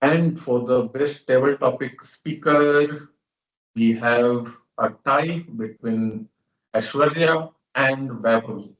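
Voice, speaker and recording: A man's voice: mid-range voice, slow pace. A man organizing an online club meeting, speaking in a plain, matter-of-fact way as he announces results. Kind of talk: casual online meeting talk. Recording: roomy, distant, lo-fi call audio.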